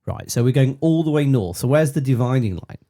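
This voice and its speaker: A middle-aged man co-hosts a casual chat, teasing and pressing with questions. His voice is mellow and relaxed. The sound is dry and close. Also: medium pitch, fairly quick, no echo. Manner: teasing, quizzing, talks over others. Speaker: podcast co-host, dad.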